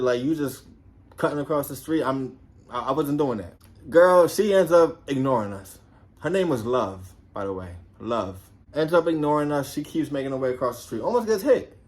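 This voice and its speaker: A man who used to be a police officer, telling a story casually, swearing a lot and acting out the voices of people in it. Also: fairly high pitch. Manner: profane and animated, acts out quoted voices.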